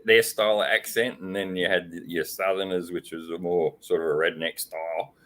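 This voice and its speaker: Deep-voiced Australian man hosting a chat. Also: level tone, normal speed, fairly bright tone, slight background noise. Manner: rambling, laughs often, lots of fillers. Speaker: host. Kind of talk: casual live-stream chat.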